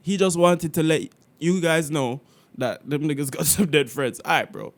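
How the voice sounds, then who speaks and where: A man from Jamaica hosting a casual music reaction video. He is animated and slangy, with frequent swearing and laughter. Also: a little high, moderate pace. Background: the reacted song playing faintly.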